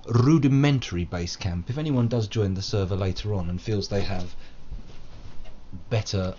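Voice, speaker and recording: A man's voice: on the low side, moderate pace, mellow, dull audio. A man giving rambling, self-mocking live commentary while playing a game, wordy and fond of old-fashioned flourishes. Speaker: game streamer.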